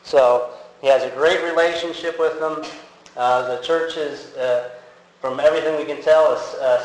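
A man giving a casual, conversational sermon, with many fillers and restarts as he talks to the congregation. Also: medium pitch. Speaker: preacher. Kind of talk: casual sermon with audience quiz. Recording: very echoey hall with faint ambient noise.

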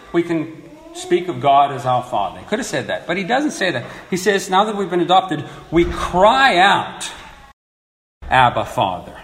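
In an echoey room with a little noise, an earnest man preaches a sermon, explaining his text with mounting emphasis. His pitch is fairly high and his tone fairly bright.

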